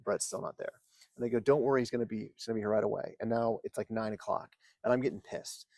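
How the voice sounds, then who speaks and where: A man telling long, animated stories in casual chat, swearing freely and acting out what people said. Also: fairly low pitch, fast talker, vocal fry, no echo. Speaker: podcast guest. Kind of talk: casual storytelling.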